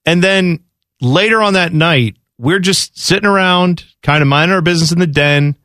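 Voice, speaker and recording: A man's voice: high voice, moderate pace, a bit bright, no echo, studio quality. A man co-hosting a sports talk show in casual banter, rambling and laughing, often acting out quotes in other voices. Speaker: radio sports show co-host.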